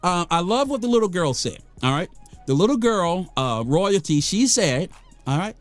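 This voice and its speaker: A man's voice: high-pitched, moderate pace, dry recording, faint music behind. An American man giving an impassioned, preachy monologue to the camera, repeating phrases for emphasis and getting worked up. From United States. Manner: gets worked up, then calms himself. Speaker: vlogger.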